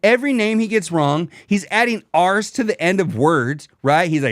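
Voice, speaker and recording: Man, young adult, podcast co-host, lively mocking banter, slightly high voice, dry close mic. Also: moderate pace, no room sound. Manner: animated, swearing, mocking impressions of others. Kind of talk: casual comedic chat.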